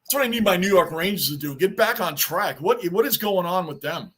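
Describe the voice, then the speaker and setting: A man with a high voice hosts a live sports reaction stream. He talks in an excitable, rambling way, often repeating himself. He calls out greetings to viewers between bits of game commentary. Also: moderate pace, breathy edge. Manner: rambling, chatty and repetitive. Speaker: livestream host.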